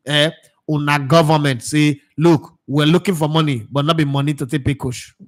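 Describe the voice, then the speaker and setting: A Nigerian man with a Nigerian accent hosts a casual football talk show. His voice sits a little high, and he swings in and out of Pidgin with lively, laughing energy. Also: moderate pace. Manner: animated, mixes Pidgin with English, laughs often. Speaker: sports show host.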